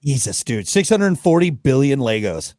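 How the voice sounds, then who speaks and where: A man's voice: medium pitch, big pitch swings, moderate pace, a little mellow. A middle-aged man co-hosting a podcast in casual chat, rambling and trailing off, often laughing. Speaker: podcast co-host.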